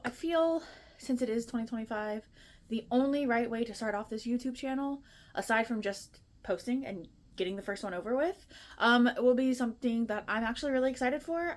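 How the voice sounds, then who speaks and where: A woman's voice: fairly high pitch, a little hiss or hum. A woman in her twenties chatting casually to her phone camera at home, rambling and a little nervous. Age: 20s. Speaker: booktuber. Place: her apartment.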